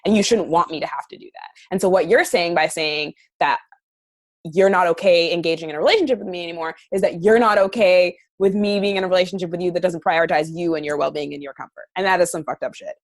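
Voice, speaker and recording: Blunt interview guest, woman from Canada, low voice, emphatic and profane. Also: quick pace, no room sound. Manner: blunt, emphatic, swears freely. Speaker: podcast guest. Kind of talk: candid conversational interview.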